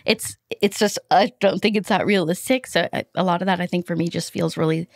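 A woman's voice: lowish voice, steady tone, a little fast, vocal fry, dry recording, studio quality. A woman guesting on a podcast, chatting casually, self-deprecating and laughing often.

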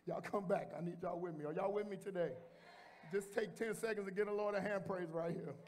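Man, pastor, high-pitched, sermon in a church, calls out to the congregation, builds to shouting. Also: moderate pace, slight background noise. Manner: emphatic, repeats phrases and builds to shouting; addresses the congregation directly and informally. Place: church sanctuary before a congregation.

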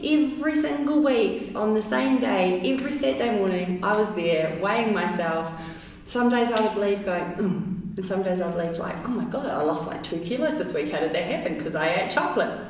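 Chatty woman in an echoey room. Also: medium pitch. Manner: chatty, animated, many fillers and laughs. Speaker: interview guest. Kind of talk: casual storytelling interview. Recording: very echoey room, distant mic, faint noise.

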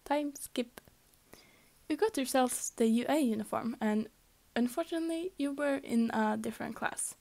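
A gravelly, darkish, fairly high-pitched voice belongs to a young woman casually reading fanfiction aloud. She's clearly an amateur, fumbling and restarting, and at times she lapses into a whisper.

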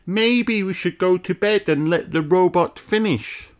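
A man voicing a little fairy princess girl who speaks high and earnestly, for a storybook read-aloud. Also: a little slow. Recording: loud background noise.

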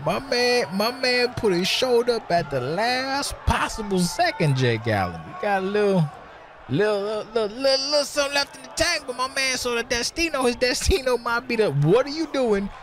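A high, animated male voice that climbs and dives as he rants. He works as a color commentator in a booth, trash-talking the wrestlers with profanity and mocking disbelief. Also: normal speed, soft background music. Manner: profane, heckling, yells insults at the wrestlers.

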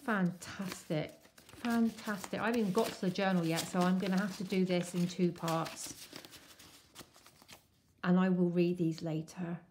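A woman chatting casually and excitedly as she unwraps a craft swap parcel. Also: lowish voice, a little hiss or hum. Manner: gushing, excitable, slow-paced. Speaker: crafting vlogger. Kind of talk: casual unboxing chat.

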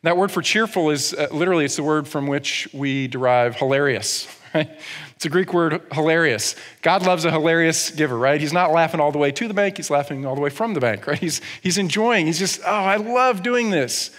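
A male pastor delivers a conversational, humorous sermon in a church, frequently checking in with the audience and tossing in funny asides. His voice is a little high, a little fast and a bit bright, with long reverb from the church hall.

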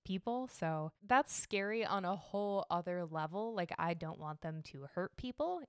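A woman's voice: mid-range voice, animated, normal speed, hardly any pauses, clear, resonant tone, no room sound, clean studio sound. A woman hosting her own podcast from home, talking in a chatty, rambling way and swearing freely. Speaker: podcast host. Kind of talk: casual solo podcast chat.

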